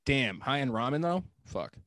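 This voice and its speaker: A man co-hosting a podcast in casual chat, animated, swearing often and laughing a lot. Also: medium pitch, normal speed, no room sound, low-quality recording. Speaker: podcast co-host.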